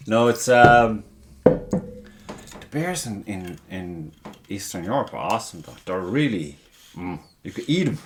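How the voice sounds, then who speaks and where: Blunt, swearing Cork man, low voice. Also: lively intonation, measured pace, pauses often, noisy background. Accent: Cork Irish. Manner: blunt, heavy swearing, emphatic opinions. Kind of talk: casual chat.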